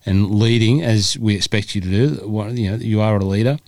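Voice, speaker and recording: A man's voice: fairly low pitch, fairly even intonation, fairly quick, a little mellow, dry recording, clean studio sound. A man hosting a casual podcast, joking and rambling with frequent laughs. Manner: jokey, rambling, laughs often. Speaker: podcast host.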